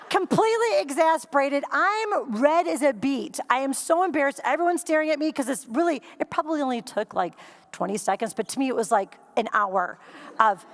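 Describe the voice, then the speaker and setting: A woman giving a keynote speech, telling a funny story in an animated way and acting out scenes and quotes for a live audience. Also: high voice, a little fast. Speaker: keynote speaker. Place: conference stage before a live audience.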